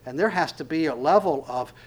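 A man's voice: fairly high pitch, expressive, brisk. Earnest man preaching a sermon. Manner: earnest preaching, rising to emphatic exhortation. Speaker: pastor.

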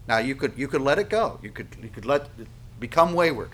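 A man preaching a sermon on scripture, earnest and emphatic, with dramatic pauses and little acted asides. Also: medium pitch, sing-song, a bit bright. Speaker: pastor.

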